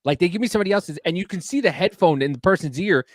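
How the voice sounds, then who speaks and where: A man's voice: sits high, racing, dry recording. A man in his forties in a casual podcast chat, telling stories animatedly and acting out scenes. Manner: animated storyteller, acts out scenes.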